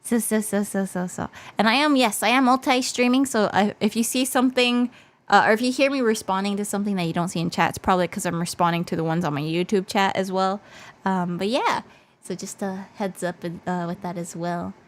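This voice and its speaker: A woman's voice: mid-range voice, fairly even intonation, a little fast. A woman streaming as a VTuber in casual chat, bubbly and talkative, her voice worn and fading. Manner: bubbly and chatty, switching between English and Japanese.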